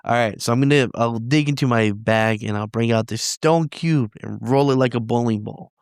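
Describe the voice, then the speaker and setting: Casual male player, relaxed banter, dry mic. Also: mid-range voice, normal speed, clean tone, no echo. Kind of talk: casual tabletop play.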